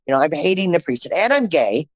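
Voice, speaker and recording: A middle-aged woman, a podcast guest, telling her personal story in an animated way, acting out the dialogue and repeating phrases for emphasis. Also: low-pitched, fast, no room sound, muffled recording.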